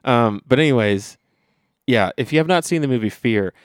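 A man's voice: medium pitch, expressive, normal speed, clean tone, no room sound, clean studio sound. A man co-hosting a podcast, chatting casually about movies in a laid-back, rambling way. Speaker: podcast co-host.

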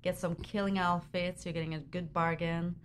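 A woman's voice: on the low side, little pitch movement, moderate pace. A woman sits in as a guest on a talk radio show and plugs her shop in an upbeat, chatty way. Faint noise hangs behind her voice. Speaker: studio guest, shop owner. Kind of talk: casual talk radio chat.

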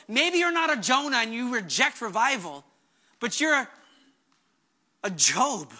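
Male pastor, sermon delivery, high-pitched and earnest, fervent with quick asides. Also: lively intonation, sharp tone.

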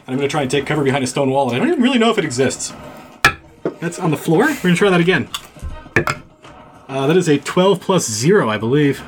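A man's voice: fairly high pitch, big pitch swings, quick pace, long pauses. A man playing a tabletop game, explaining his move in a rambling, self-deprecating way. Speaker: player. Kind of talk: casual tabletop play.

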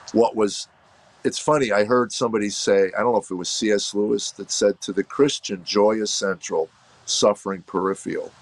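Middle-aged comic telling his story, gravelly and low, earnest, kinda halting. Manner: earnest, reflective, halting with restarts. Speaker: comedian guest. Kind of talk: candid personal storytelling.

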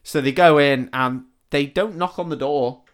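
A man co-hosting a comedy podcast, recapping a film's plot in a casual, sweary way and slipping into quick voices for the characters. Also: fairly high pitch. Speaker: podcast co-host.

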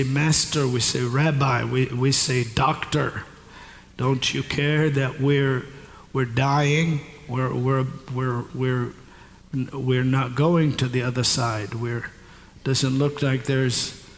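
A man preaching a sermon, teaching slowly and stumbling over repeated words, then rising to loud, shouted declarations. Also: mid-range voice, a little hiss or hum. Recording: long hall reverb, faint ambience.

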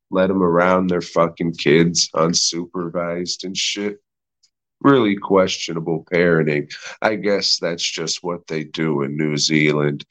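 A man's voice: low voice, fairly bright tone, rough recording. A man in his thirties hosting a podcast, ranting about movies in a profane, rambling, sarcastic way. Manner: profane and rambling, heavy swearing; sarcastic, mocking. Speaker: podcast host. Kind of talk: casual movie review rant.

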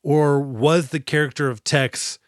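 A man's voice: on the high side, steady tone, measured pace, dry recording, studio quality. A man co-hosting a podcast, retelling a movie in a casual, profane and laughing way. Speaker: podcast co-host. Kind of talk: casual movie-review chat.

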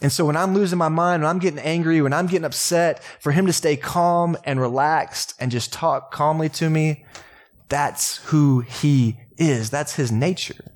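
A young adult man with a Texan accent, preaching a sermon as pastor in a relaxed, joking, conversational way. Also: fairly high pitch, moderate pace. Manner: casual, joking, conversational preaching with laughs and asides. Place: church sanctuary.

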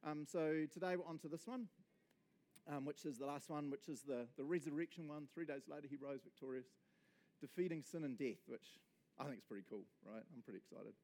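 A man's voice: on the high side, a little fast. A man with a New Zealand accent, a pastor giving a casual, jokey sermon full of asides to the congregation. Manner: jokey, energetic, chatty with frequent asides to the congregation. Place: church service.

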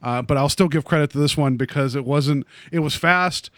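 A man co-hosting a casual podcast chat, rambling through an episode recap with plenty of fillers and restarts. His voice sits a little high and is recorded dry and close, with no room sound. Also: normal speed, fairly bright tone, no echo. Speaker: podcast co-host.

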